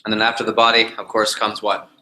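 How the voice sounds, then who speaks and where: A man teaching a live sales training session, animated and jokey, repeating his key points to the group. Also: on the low side, fast talker, reverberant, low-quality recording. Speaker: sales trainer leading a workshop.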